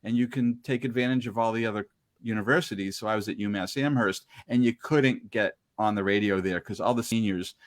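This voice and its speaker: A middle-aged man tells old radio stories in an easy, chatty way. He is animated and slips into quick voices for the people in his tale. The sound is dry and close, with no room behind him. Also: lowish voice, dry recording. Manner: animated storyteller, acts out quoted voices. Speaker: podcast guest telling radio stories. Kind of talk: casual storytelling chat.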